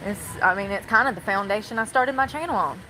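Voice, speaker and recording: A woman's voice: medium pitch, quick pace, sharp tone, a little hiss or hum, low-quality recording. Woman rambling on a live stream in a store. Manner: rambling, talks to chat, complains. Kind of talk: live stream while shopping. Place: large retail store.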